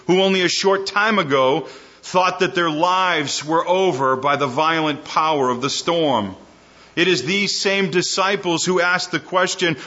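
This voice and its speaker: Bright-voiced man preaching a sermon. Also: dull audio. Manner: slows and drops low on key phrases. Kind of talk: expository sermon.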